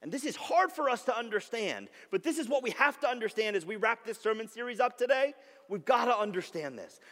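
A man's voice: very high-pitched, expressive, a little fast, a bit bright. A man in his thirties, a pastor, giving a conversational sermon with frequent rhetorical questions to the congregation. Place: church sanctuary. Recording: long hall reverb.

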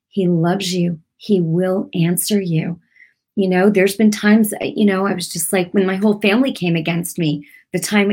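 A woman's voice: medium pitch, a little mellow, slightly rough. A middle-aged woman teaching prayer in an earnest, conversational way, repeating herself and using many fillers. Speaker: Christian teacher. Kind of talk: informal devotional teaching.

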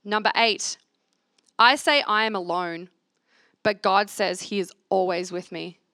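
A woman's voice: mid-range voice, fairly even intonation, a little slow, pushed and bright, no echo, studio quality. A woman leading a church reflection, reading scripture aloud and asking the listeners to repeat affirmations after her. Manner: earnest, asks the room to repeat lines. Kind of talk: sermon with call-and-response scripture reading. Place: church gathering.

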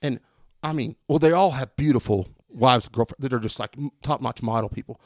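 A man telling a long story in casual chat, animated and swearing freely. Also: mid-range voice, a little fast, dry recording, clean studio sound. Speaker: podcast host telling a story.

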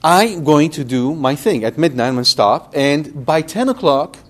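A man's voice: a little high, moderate pace. A priest teaching a Bible study in a conversational way, speaking directly to his listeners and asking them questions. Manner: lively, talks directly to the audience with questions.

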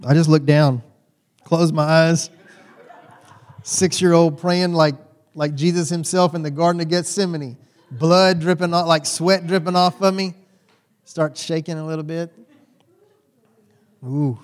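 A man's voice: a little high, steady tone, a little slow, pauses often. Folksy preacher man in his forties. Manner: folksy storytelling with sudden loud bursts. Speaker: pastor. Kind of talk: sermon.

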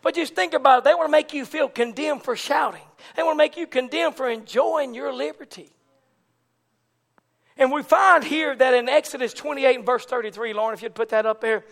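A man preaching a fervent Pentecostal sermon, moving from low conversational talk to shouted, rousing preaching. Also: brisk, creaky. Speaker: pastor.

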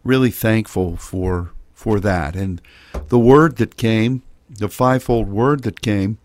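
A middle-aged man co-hosting a prayer ministry radio show, chatting casually and haltingly with many fillers and restarts. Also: fairly low pitch, a little mellow. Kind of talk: casual chat.

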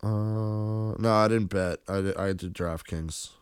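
Smooth-voiced crude joking man. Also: lowish voice, fairly even intonation, slow pace, no room sound, studio quality. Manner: crude, joking, laughs often. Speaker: podcast host. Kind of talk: casual podcast banter.

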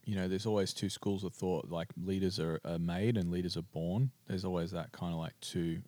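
A man with an Australian accent, chatting casually as a podcast co-host, relaxed with plenty of fillers and restarts. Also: low voice, moderate pace. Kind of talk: casual chat.

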